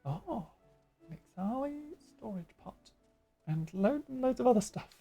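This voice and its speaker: A woman's voice: mid-range voice, lively intonation, a little slow, mellow, breathy edge, soft background music. A woman game streamer chatting casually and making chatty, self-mocking asides while she plays. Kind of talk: casual live-stream chat.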